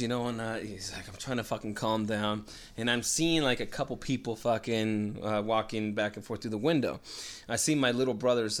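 A man's voice: mid-range voice, fairly bright tone. A man telling a long story in casual chat, swearing constantly, rambling and acting out what people said. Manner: profane, rambling, acts out quoted lines.

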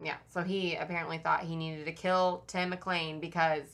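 Bright-voiced woman podcast host. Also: deep voice, level tone, normal speed. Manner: reads dates and reports from notes, chatty asides. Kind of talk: casual true-crime chat.

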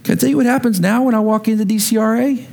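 Animated storytelling pastor, fairly high voice. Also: male voice, racing, creaky. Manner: animated storyteller, acts out dialogue, shouts when heated. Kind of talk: sermon storytelling.

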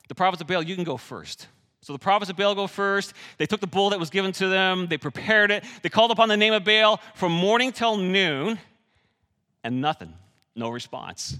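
A man preaching a sermon, animated and joking with the audience, swinging between loud and hushed delivery. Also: fairly high pitch, in a large hall. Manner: jokes with the audience.

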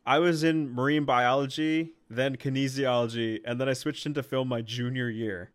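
A man's voice: mid-range voice, steady tone, moderate pace. Sarcastic young man co-hosting a podcast. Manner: joking, teasing, sarcastic. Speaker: podcast co-host. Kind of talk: casual podcast chat.

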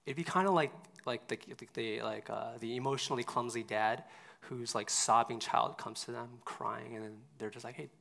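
Male pastor, mid-pitched, gravelly texture, conversational sermon delivery with hushed dips and emphatic peaks. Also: fairly even intonation, normal speed.

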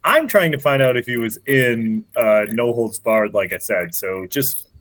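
A man's voice: mid-range voice, animated, unhurried, a bit bright, no room sound. A man with a mid-range voice leads a podcast segment in casual chat. He sounds upbeat and laughs easily, recorded dry with no room sound. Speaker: podcast co-host.

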